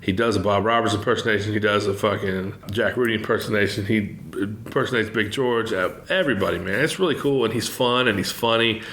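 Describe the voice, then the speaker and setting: Low voiced guy hosting a podcast, hyped and rambly, roomy echo. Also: fairly quick, hardly any pauses, a bit bright, slight background noise. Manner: enthusiastic, rambling, profane. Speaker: podcast host. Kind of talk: casual monologue. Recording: echoey room.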